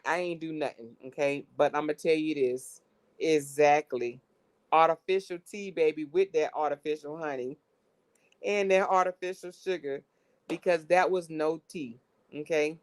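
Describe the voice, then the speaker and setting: A woman giving casual commentary to her viewers, breaking into fits of laughter. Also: low voice. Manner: laughing fits, slangy, addresses viewers as y'all. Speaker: commentary vlogger.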